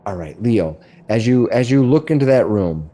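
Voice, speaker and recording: A middle-aged man narrating as game master, describing rooms in a halting way with many restarts. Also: mid-range voice, animated, warm tone.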